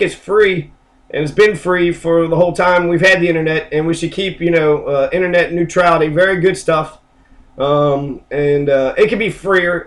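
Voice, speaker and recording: Brief: man, flu-sick, loose and profane, slightly high-pitched, casual vlog ramble. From Kentucky. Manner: rambling, profane, stop-start. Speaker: political video blogger.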